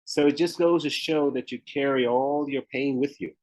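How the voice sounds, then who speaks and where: Speaking at a normal speed in a mid-range, darkish voice with fairly even intonation, this man is a retired pro bodybuilder and author appearing as a podcast guest. He has a US Southern accent from Memphis, Tennessee, and laughs frequently as he candidly recounts his story. The recording is low quality.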